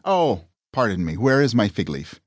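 A man's voice: lowish voice, big pitch swings, moderate pace, dry recording. A man voicing a prim, courteous young woman in an audiobook, speaking with formal phrasing. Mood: explaining.

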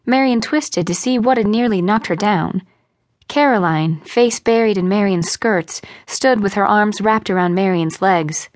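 A woman's voice: mid-range voice, a little slow, no echo. Woman narrating an audiobook in a dry studio. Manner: expressive storytelling, voicing each character. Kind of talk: scripted narration.

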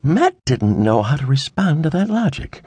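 A man narrating a detective audiobook in measured storytelling. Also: a little high, big pitch swings, darkish tone, slightly rough, dry recording. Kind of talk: scripted narration.

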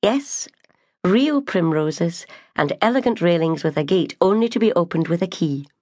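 A woman narrates an audiobook in a measured, gentle way. Her voice is slightly low and sits close and dry on the mic. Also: expressive, no room sound. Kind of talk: scripted narration.

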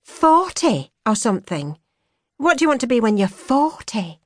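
A young woman with a soft Yorkshire accent, earnest and quick to mock, as a woman narrator puts her on. She sits well above the narrator's own pitch, idealistic and sharp-tongued. The audiobook recording is close and dry. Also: big pitch swings, dry recording. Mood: excited. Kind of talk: audiobook character voice.

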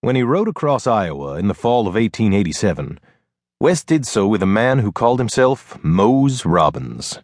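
Deep-voiced male audiobook narrator. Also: sing-song, normal speed, darkish tone, no echo, clean studio sound. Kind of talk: scripted narration.

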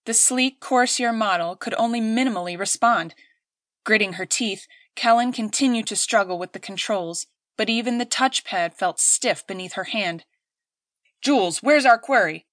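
A woman reading an audiobook aloud in steady, clear scripted narration. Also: medium pitch, moderate pace, no room sound, studio quality.

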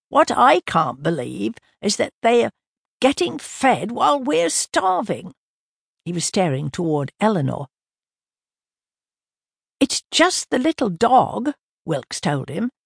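Older woman, husky low voice, audiobook narration, dry booth sound. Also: no room sound. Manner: measured, gives characters lightly raised voices. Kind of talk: scripted narration of a mystery novel. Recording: dry close studio audio.

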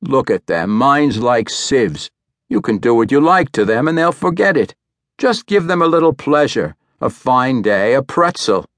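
A man's voice: mid-range voice, sing-song, measured pace, a bit bright, no echo, clean studio sound. A man voicing a bitter old hunchbacked widower who mutters complaints, in an audiobook reading.

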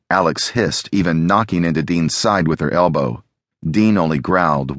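Guy narrating an audiobook, really deep voice, dry close sound, steady pace. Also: dry recording.

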